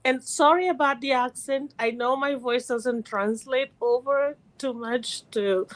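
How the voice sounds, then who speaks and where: A middle-aged woman from California calling in to chat, animated and quick to laugh, with many restarts. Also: high voice, low-quality recording. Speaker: caller. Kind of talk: casual call-in chat.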